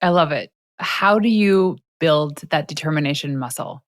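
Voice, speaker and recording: A woman hosting a podcast interview, telling lively personal stories and laughing often. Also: deep voice, moderate pace, no echo, studio quality. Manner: animated storyteller, laughs often. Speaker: podcast host. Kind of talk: casual interview chat.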